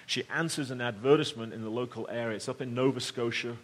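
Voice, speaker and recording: A man's voice: medium pitch, fast. Conversational middle-aged male preacher. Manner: conversational, swings between loud emphasis and hushed tones. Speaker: pastor. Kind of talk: storytelling sermon.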